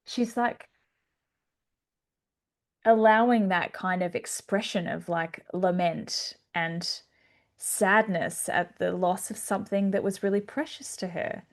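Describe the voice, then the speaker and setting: Slow, thoughtful woman podcast host. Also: mid-range voice. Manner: thoughtful, hesitant, with fillers. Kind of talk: casual conversation.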